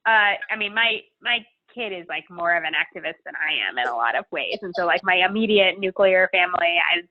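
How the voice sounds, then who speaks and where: A woman's voice: lowish voice, animated, a little fast. Woman guest on a remote call, tinny phone-band audio, earnest and emphatic, thinking aloud. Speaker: guest, climate organizer. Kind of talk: podcast interview conversation.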